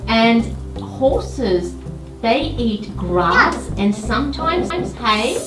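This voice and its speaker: A woman slowly naming toy animals for children at home, coaxing them to make animal sounds. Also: fairly high pitch, very animated. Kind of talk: slow explanatory narration for kids. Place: home room. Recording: echoey room with music behind.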